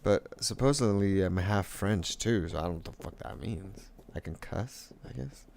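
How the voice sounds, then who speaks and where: A young man with a low, gravelly voice talks casually while he paints live at home. His manner is laid-back and rambling, full of swearing and easy laughter, with a faint hum of the room behind him. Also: moderate pace, a little mellow. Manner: laid-back, swears often, laughs a lot, many fillers.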